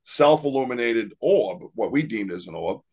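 A man's voice: mid-range voice, lively intonation, moderate pace, a little mellow, slightly rough. A man and paranormal investigator telling stories in a casual interview, rambling and laughing often. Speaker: paranormal investigator and podcast guest.

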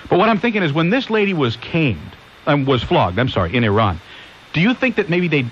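A man's voice: a little high, very animated, brisk. A man hosting a conservative call-in talk radio show who rambles and keeps asking listeners rhetorical questions. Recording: hissy lo-fi 1990s AM radio.

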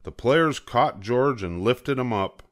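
An older man reading a children's picture book aloud, storytelling. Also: medium pitch. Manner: slow, lively storytelling.

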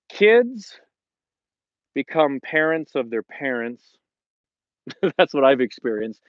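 A middle-aged man talks at an ordinary pitch in a rambling, chatty way, acting out the lines he quotes. His voice sounds dull and lo-fi. The room around him is dry, with no echo. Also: sing-song, slow, long pauses. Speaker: fitness instructor and host. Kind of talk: casual live-stream chat. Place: home in the Colorado mountains.

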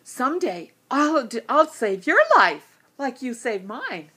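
An earnest little male bee from a storybook, grateful and eager to help, as a woman storyteller puts him on. His lines come slow and a touch husky. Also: high-pitched, sing-song, bright, forceful tone, pitched above the performer's own voice, exaggerated voice.

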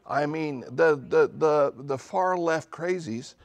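A middle-aged male pastor preaching a charismatic sermon in church, dropping to low asides and then building to loud declarations with humorous jabs. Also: slow pace. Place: church sanctuary.

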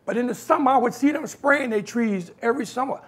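This man's voice is very high and husky, and he talks fast. A New Yorker appearing as a guest speaker, he animatedly tells tales from his life and performs the voices of those he quotes.

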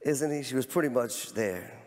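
A fervent male pastor preaches a sermon in a large church sanctuary, his medium-pitched voice at normal speed carrying a long hall reverb. He repeats words and climbs to near shouts.

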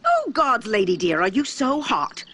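A woman voices a fussy old nurse who dawdles, teases and groans over her aching bones. Her voice is husky and lively in pitch, heard close and dry. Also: unhurried, no room sound, heavily acted. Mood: teasing. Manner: groaning, dawdling, complains of aches.

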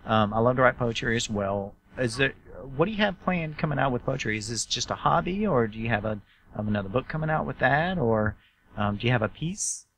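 Southern us guy hosting a talk show, bright punchy voice, chatty and excited. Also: medium pitch, fairly quick, gravelly, a little hiss or hum. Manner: enthusiastic, chatty. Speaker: host.

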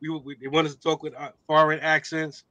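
Brief: man, panel imam, joking and animated, slightly high, bright and close. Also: a little fast, dry recording. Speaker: imam on a roundtable. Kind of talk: casual panel discussion.

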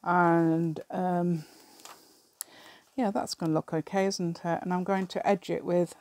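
A woman's voice: lowish voice, fairly even intonation, unhurried, darkish tone, dry recording. A middle-aged woman chatting casually while she crafts, rambling, laughing often and muttering asides to herself. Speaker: craft video maker.

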